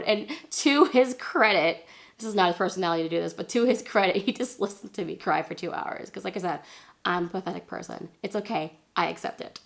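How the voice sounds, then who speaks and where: A young woman telling a story in a casual vlog, chatty and animated, laughing at herself and jumping into a high squeal when she acts out what people said. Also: vocal fry. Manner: chatty, many fillers and self-deprecating laughs. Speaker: vlogger.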